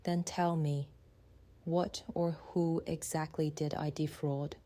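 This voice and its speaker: A man voicing a calm, menacing, manipulative woman in an audiobook, in a soft, breathy half-whisper with a slow, taunting manner. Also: on the high side, pitched above the performer's own voice. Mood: coolly menacing. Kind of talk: audiobook character voice.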